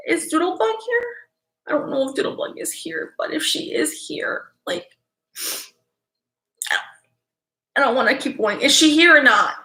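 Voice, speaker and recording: A woman tarot reader speaks to her live audience in a high, bright voice, her words halting and doubling back. She is fighting back tears throughout. The sound carries an echoey room around it. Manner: halting, repeats herself, near tears. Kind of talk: emotional livestream talk to viewers.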